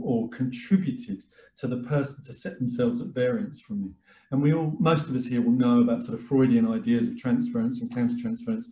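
Calm, reflective male presenter. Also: medium pitch. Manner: calm, reflective, with frequent fillers and restarts. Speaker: webinar presenter, therapist. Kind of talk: talk. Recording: echoey room.

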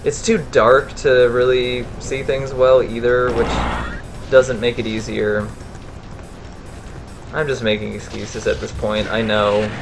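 Man, game streamer, slow casual commentary, swears at enemies, mid-pitched, loud game music behind. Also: little pitch movement, creaky. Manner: swearing, exasperated outbursts at the game. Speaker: gamer streaming a playthrough.

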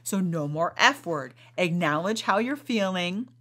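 A woman who hosts a podcast, guiding a slow, soothing meditation and then coaching her listeners with emphatic encouragement. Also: lowish voice, animated, a bit bright. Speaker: podcast host and life coach. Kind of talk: guided meditation and coaching talk.

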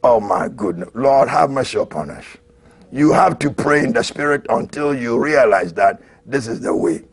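A man preaching a fiery sermon as an apostle, who shouts, repeats his lines and laughs between them. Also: mid-range voice, animated, moderate pace, breathy edge.

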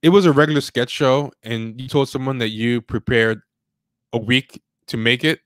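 Male podcast co-host, mid-pitch, sardonic and rambling, dry close sound. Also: fairly even intonation, normal speed, fairly bright tone, dry recording. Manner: rambling, sardonic, mocking impressions. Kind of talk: casual livestream commentary.

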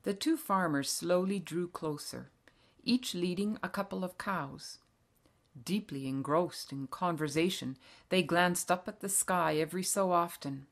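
Woman reading an audiobook, low and unhurried, calm storytelling. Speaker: audiobook reader. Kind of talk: scripted narration.

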